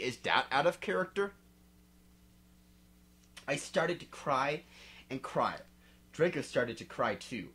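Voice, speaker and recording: A reader drinking malt liquor and giving a mocking dramatic read-aloud, breaking off for sarcastic asides. The delivery is slow and bright, and the pitch swings widely. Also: a little hiss or hum. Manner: sarcastic asides while reading.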